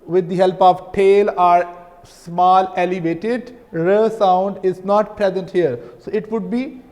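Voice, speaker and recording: A man with a Pakistani English accent explains a lesson at a slow, careful pace. His voice sits fairly high for a man, and he repeats words and checks in with his listeners. The sound carries a long reverb, like a bare room. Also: fairly even intonation, darkish tone, lo-fi sound. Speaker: linguistics teacher. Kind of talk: recorded lecture.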